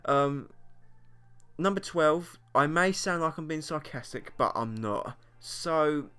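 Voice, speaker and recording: Speaking slowly but animatedly, a young British YouTuber has a somewhat high, bright, forceful and clean voice, with faint music in the background. He chats casually to camera, rambling and self-mocking, and often laughs between points.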